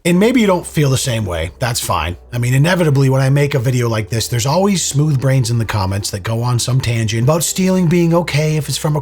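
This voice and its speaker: Hoarse sarcastic male commentator. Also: mid-range voice, darkish tone. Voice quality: hoarse, losing his voice. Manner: blunt, sarcastic, profane. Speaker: commentary host. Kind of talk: reaction commentary.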